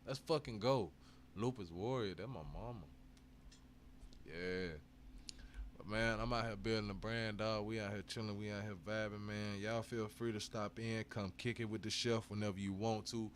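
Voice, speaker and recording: A man's voice: fairly low pitch, fairly even intonation, normal speed, a little hiss or hum. A man hosting a live stream, chatting casually with heavy swearing, frequent laughs and bursts of hype. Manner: profane, hyped, laughs often.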